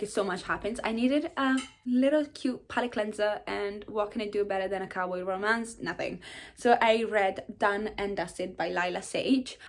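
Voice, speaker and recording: Chatty young woman reviewing books. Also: medium pitch. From Italy. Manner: chatty, opinionated, bursts of laughter. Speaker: book vlogger. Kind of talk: casual chat.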